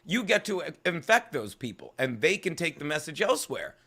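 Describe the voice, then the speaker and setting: A male comedian telling rambling, profane stories in an interview. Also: on the high side. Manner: fast, swearing, animated storytelling. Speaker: comedian guest.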